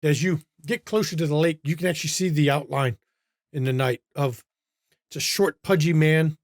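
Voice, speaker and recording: A man's voice: on the high side, fairly even intonation, normal speed, dry recording, studio quality. A man narrating a tabletop role-playing game as game master, describing scenes and calling for rolls. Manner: descriptive, calls rolls and difficulties.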